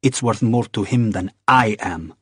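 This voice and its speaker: A man reading aloud, voicing a haughty, defiant young woman with sharp, clipped retorts. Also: lowish voice, measured pace, slightly rough, no room sound, clean studio sound. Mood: bitter.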